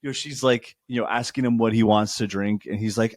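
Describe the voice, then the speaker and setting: A man's voice: fairly low pitch, fairly even intonation, brisk, no echo, clean studio sound. A man co-hosting a casual podcast, joking and swearing, laughing often. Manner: jokey, profane, laughs often. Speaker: podcast co-host. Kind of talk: casual chat.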